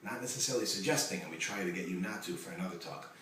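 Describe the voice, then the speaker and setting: Fast-talking rabbi in an echoey room. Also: male voice, deep voice. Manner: lively storytelling with joking asides. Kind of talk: Torah lesson. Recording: echoey room, mic far off, faint noise.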